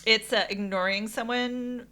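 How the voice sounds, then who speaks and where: A woman in her forties co-hosting a casual podcast chat, playful and quick to laugh. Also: a little high, steady tone, sharp tone, clean tone. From USA. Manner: giggly and playful. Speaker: podcast co-host.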